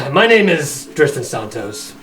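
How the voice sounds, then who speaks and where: A man playing a battle-scarred male paladin in a Scottish accent, speaking slowly and menacingly. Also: on the high side, very animated, a bit bright, distant mic, faint music behind, full character voice. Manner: menacing, slow and deliberate.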